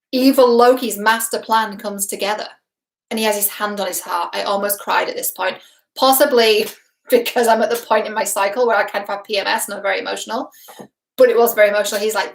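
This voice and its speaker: A woman's voice: medium pitch, steady tone, quick pace, creaky. A young adult woman from Britain, a relationship expert giving a casual reaction vlog, chatty and emphatic, laughing often and swearing casually. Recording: roomy echo.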